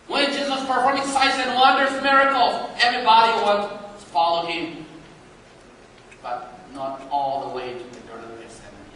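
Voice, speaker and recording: Male preacher, high bright voice, dramatic delivery, recorded from afar in a reverberant hall. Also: moderate pace, a little hiss or hum. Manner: dramatic, swings from hushed to loud. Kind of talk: sermon. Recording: echoey hall, from far off.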